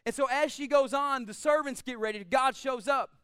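High, crisp-voiced preacher man. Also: moderate pace, no room sound, studio quality. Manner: emphatic, rising to shouts on key phrases. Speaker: pastor. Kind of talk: sermon.

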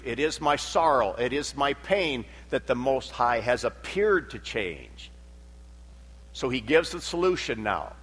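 A man preaching a sermon in a voice of middling pitch. His delivery swells and drops for emphasis, and he acts out the voices he quotes. The sound carries a long hall reverb. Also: a bit bright, breathy edge. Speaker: pastor.

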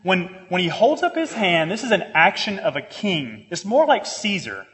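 A man's voice: high voice, normal speed, a little hiss or hum. A man delivers a sermon. He speaks earnestly and restates key lines for emphasis. His words ring with a long reverb through a church hall. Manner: earnest, repeats phrases for emphasis, grows lively with humor. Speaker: pastor.

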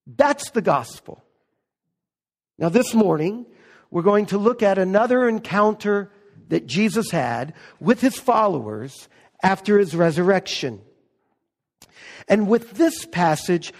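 A man preaching a sermon as pastor, stressing key words slowly and with emphasis. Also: sits high, darkish tone, in a large hall.

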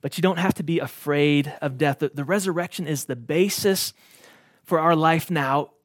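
A man's voice: mid-range voice, no room sound, studio quality. A man preaching a sermon as a pastor, reading a story aloud and then earnestly asking his listeners direct questions.

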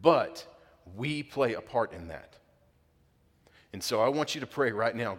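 A man, preaching a sermon and leading prayer, earnest and building to emphatic peaks with halting restarts. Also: medium pitch, expressive. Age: 30s. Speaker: pastor. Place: church auditorium. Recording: long hall reverb.

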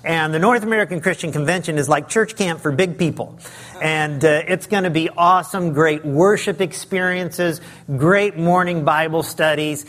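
High-voiced man preaching to a church. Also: normal speed. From Southern California. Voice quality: high, light voice. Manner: warm, self-deprecating, chatty with fillers. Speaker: guest pastor. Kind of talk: sermon. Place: church sanctuary.

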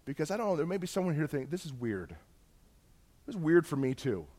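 A middle-aged man from Canada, telling a personal testimony as a story and acting out the dialogue with jumps in pitch and loudness. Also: big pitch swings, quick pace. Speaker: speaker sharing a personal testimony.

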